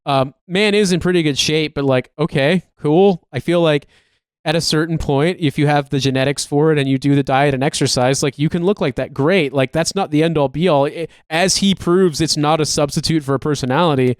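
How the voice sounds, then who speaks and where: A man's voice: fairly high pitch, brisk, clear, resonant tone, no room sound. Man, podcast co-host, casual rambling chat, profane, dry recording. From United States.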